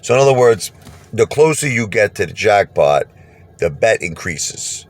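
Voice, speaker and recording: A man telling a personal story casually, animated, laughing and acting out what people said. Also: on the low side, moderate pace. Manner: animated, laughs and acts out quotes.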